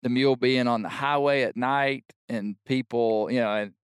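A middle-aged man on a podcast telling a long funny story, animated and shouting out the lines he quotes. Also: medium pitch, normal speed, clean tone, no room sound, clean studio sound. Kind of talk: casual storytelling chat.

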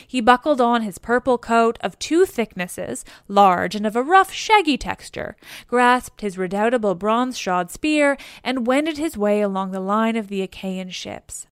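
Woman narrating in a smooth, dry voice. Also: fairly high pitch, no room sound. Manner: measured, steady reading. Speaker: audiobook reader. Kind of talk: scripted narration of an epic poem.

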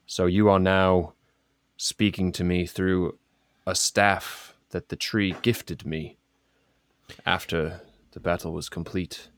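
A man's voice: low voice, flat delivery, slow pace, no echo. A man as a grave, formal adventurer. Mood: solemn. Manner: solemn, formal, explanatory. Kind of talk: tabletop role-play in character.

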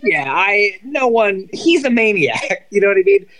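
Animated man telling stories, slightly high voice. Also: unhurried, low-quality recording. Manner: animated, filler-heavy, acts out quotes. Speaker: podcast guest, former reality dating show contestant. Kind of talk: casual storytelling chat.

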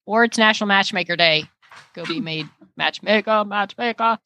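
A woman's voice: mid-range voice, normal speed, pushed and bright, lo-fi sound, slight background noise. A woman co-hosting a casual podcast, chatting and reading listener mail aloud. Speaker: podcast co-host.

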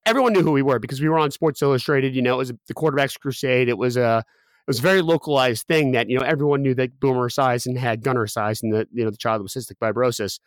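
A man's voice: medium pitch, quick pace, no room sound, studio quality. A young man telling a personal story as a guest, candid and full of fillers and restarts.

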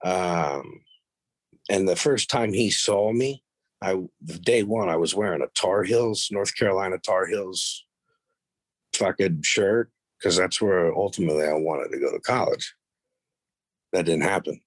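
With a deep voice and a slightly slow delivery, a middle-aged podcast guest casually spins crude, blunt yarns from his past. He grows animated imitating others, recorded with no echo.

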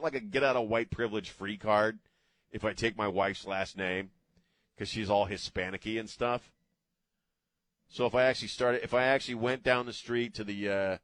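A man's voice: lowish voice, fairly bright tone, no echo. A man hosting a talk radio show, talking in a sarcastic, mocking way into a studio microphone.

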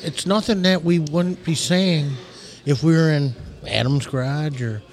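A man's voice: fairly high pitch, a little slow. A man co-hosting a podcast in loose, rambling, laughing banter. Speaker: podcast co-host. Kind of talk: casual chat.

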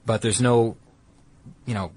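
A man's voice: mid-range voice, fairly even intonation, a little slow, a little mellow. A man explaining a technology in casual conversation, rambling and correcting himself with many fillers.

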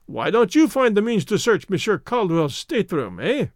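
Guy narrating as a sly teasing crook, high bouncy voice, dry sound. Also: very animated, moderate pace, no room sound. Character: sly, wry Russian accomplice, a master thief.

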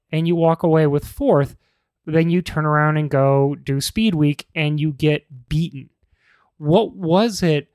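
A man's voice: on the high side, dry recording, studio quality. A man hosting an interview, asking long, searching questions. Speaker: podcast host.

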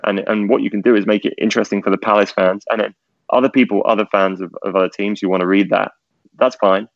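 A man's voice: low-pitched, vocal fry, no room sound. A man from England, a sports media director, talking through ideas in a casual interview with frequent restarts. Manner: conversational, frequent restarts and "like", "you know". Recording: dull, slightly lo-fi dry audio.

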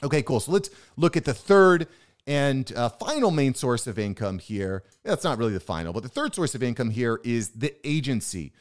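A man's voice: mid-range voice, sing-song, normal speed. A man hosting his own business podcast, talking solo in a pumped-up, emphatic motivational way. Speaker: podcast host.

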